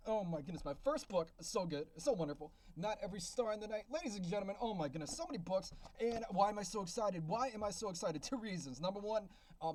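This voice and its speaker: An excitable man out of breath, hosting a casual vlog where he beta-reads a manuscript and exclaims often. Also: sits high, dry recording. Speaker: beta reader and self-published author. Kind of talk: casual reading review vlog.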